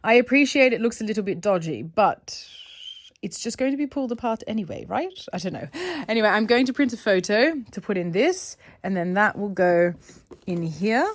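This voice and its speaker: A woman's voice: mid-range voice, lively intonation, normal speed. A woman chatting casually to her phone camera at home, rambling and correcting herself as she goes. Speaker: vlogger. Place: at home, indoors.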